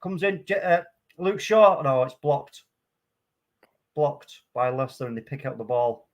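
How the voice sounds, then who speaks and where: A man giving live, excitable commentary on a football match, calm play-by-play that flares into loud outbursts. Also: medium pitch, unhurried, dull audio. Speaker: watchalong host.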